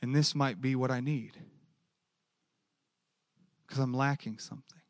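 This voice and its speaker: Eve, as a male preacher quotes her, soft-spoken. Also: medium pitch, steady tone, measured pace, no echo, close to an everyday voice. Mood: wistful. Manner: soft, quiet, wistful. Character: Eve, a longing, unsure young woman.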